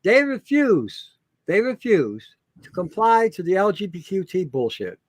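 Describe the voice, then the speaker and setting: A man's voice: sits high, wildly swooping pitch, unhurried, no echo. A man from Canada speaking as a guest in a blunt, emphatic, heavily profane rant. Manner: emphatic, repetitive, swears heavily. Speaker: guest, show host himself.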